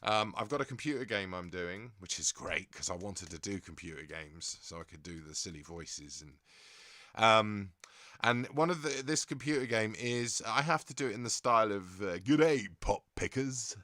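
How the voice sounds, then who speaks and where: A man's voice: fairly low pitch, normal speed, sharp tone, no room sound. Rambling English man in a dry close mic. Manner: chatty and rambling, laughs often. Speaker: livestream host. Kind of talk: casual chat reading viewer comments.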